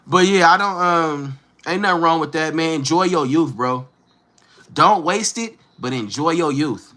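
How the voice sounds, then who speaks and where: Bright, forceful and a bit high for a man, the voice of this thirtysomething livestream host carries a Northern Californian accent. He's laid-back and full of slang, chatting easily and talking directly to his viewers as he answers them.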